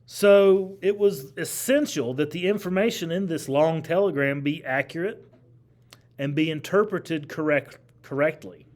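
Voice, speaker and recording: Animated male history teacher lecturing. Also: on the high side, measured pace. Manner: animated, asks the class questions and repeats key phrases. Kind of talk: classroom lecture. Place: classroom.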